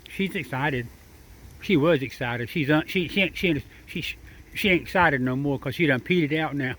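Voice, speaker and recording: A man's voice: on the high side, fairly bright tone. An older man, outdoors in his backyard, talking fondly to a squirrel and rambling to the camera. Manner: drawling, chuckling, rambling, talks sweetly to the squirrel. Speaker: backyard vlogger feeding squirrels. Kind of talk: casual talk to animals and camera.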